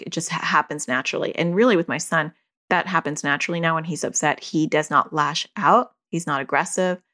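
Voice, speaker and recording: A woman's voice: lowish voice, vocal fry, fairly bright tone. Chatty middle-aged woman giving parenting advice. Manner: chatty, fillers like "you know". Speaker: parenting coach. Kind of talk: casual advice talk.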